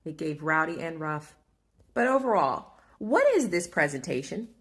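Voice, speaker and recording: A woman's voice: sits low, big pitch swings, normal speed, fairly bright tone, husky. A woman food vlogger telling a dramatic, exaggerated comic story in a restaurant review rant.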